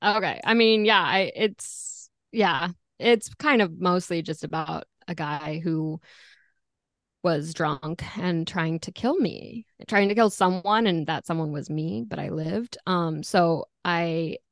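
A woman with a somewhat low voice chats casually as a podcast guest. She talks in an animated, looping way, restarting sentences as she goes. The sound is dry and close, with no room around it. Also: slow, no echo. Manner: animated, trailing restarts and laughs.

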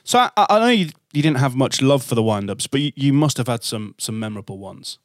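A man's voice: medium pitch, expressive, fast talker, dry recording, clean studio sound. A man hosting a podcast, telling anecdotes in casual chat. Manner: chatty, anecdotal. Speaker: podcast host.

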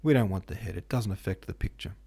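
A man's voice: low-pitched, quick pace, creaky, dark tone, breathy edge, heavily acted. A man voicing a stern, scornful young male painter who speaks severely. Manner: severe, dry.

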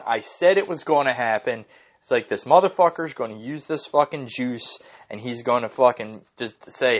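A young man hosting his own podcast, ranting casually in an excitable, profane, rambling way. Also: medium pitch, moderate pace. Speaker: podcast host. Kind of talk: casual solo podcast rant.

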